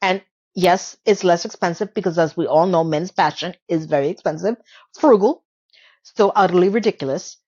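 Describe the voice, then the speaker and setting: A woman's voice: on the low side, normal speed, a little mellow, slightly rough, lo-fi sound. Chatty woman with sarcastic asides. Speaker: TV episode recap host. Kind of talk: casual chatty commentary.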